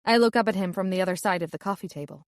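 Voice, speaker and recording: A woman's voice: mid-range voice, rapid-fire, no echo, studio quality. Wry woman narrating an audiobook. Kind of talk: first-person audiobook narration.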